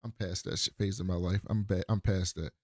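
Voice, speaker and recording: A man's voice: low-pitched, fairly even intonation, brisk, dry recording, studio quality, pitched below the performer's own voice. A man voicing a cocky male superhero who talks in an offhand, swaggering way. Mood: breezy.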